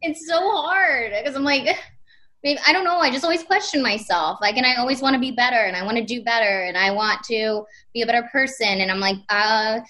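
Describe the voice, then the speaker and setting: A woman hosts a podcast in a candid, personal conversation. Her voice is bright and crisp, and she speaks hesitantly with many fillers as she works through her thoughts. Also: a little high, brisk. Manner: hesitant, searching for words. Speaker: podcast host.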